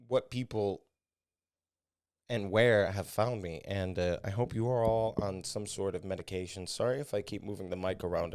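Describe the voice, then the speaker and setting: His voice is fairly low, darkish, clear and resonant as he delivers a casual podcast monologue, rambling crudely and mocking himself in between voicemails. The comedian-host is recorded dry on a studio podcast mic, with clean studio sound.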